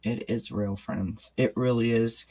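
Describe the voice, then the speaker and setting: A man's voice: mid-range voice, fairly even intonation, unhurried, a little mellow. Brief male host, casual chat, mid-range voice, candid and earnest, addresses viewers directly. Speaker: channel host.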